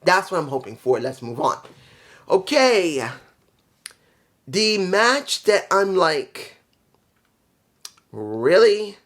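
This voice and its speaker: A man's voice: sits high, big pitch swings, drawn-out words, long pauses, a bit bright. Male reviewer, casual rant, blunt and profane, loses his train of thought with ums. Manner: rambling, profane, blunt opinions; trails off with fillers when forgetting. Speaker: wrestling show reviewer.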